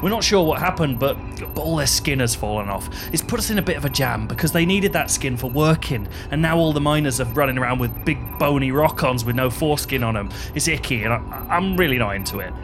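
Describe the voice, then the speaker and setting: A man playing a clever woman professor in an improvised comedy sketch, in a deadpan, crude manner. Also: mid-range voice, quick pace, hardly any pauses, over music, natural voice.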